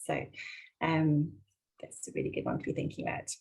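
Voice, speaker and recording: Gentle woman psychologist, full of ums. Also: deep voice, huge pitch swings, a little fast, rough recording. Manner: warm, gentle, many ums and restarts. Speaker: clinical psychologist. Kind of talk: advice talk.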